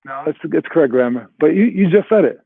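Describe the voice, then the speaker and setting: A man's voice: a little high, lively intonation, quick pace, creaky, slightly rough, no echo. Man coaching basketball over a tinny line. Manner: rambling, fillers like "all right" and "like", talks to players directly. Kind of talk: motivational coaching talk. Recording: dry, tinny phone-like sound.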